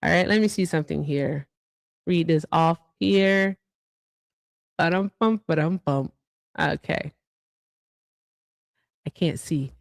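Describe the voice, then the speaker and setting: A woman's voice: fairly low pitch, slow, gravelly, long pauses, no room sound. A woman co-hosting a livestream show, chatting casually and reading out viewer thank-yous with asides. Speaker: livestream co-host.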